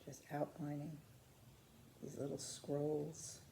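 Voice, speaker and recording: A woman's voice: sits low, slow, vocal fry, slight background noise. A woman patiently demonstrating ceramic painting step by step, chatting to the camera as she works. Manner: calm, patient, chatty instruction. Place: craft studio.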